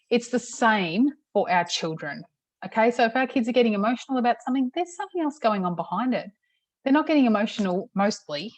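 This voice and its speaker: A middle-aged woman, a parenting coach, teaching in a casual, chatty way with many "okay"s and a slightly hoarse throat. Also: mid-range voice, no room sound. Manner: chatty, repeats "okay" often. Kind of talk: casual talk-to-camera teaching.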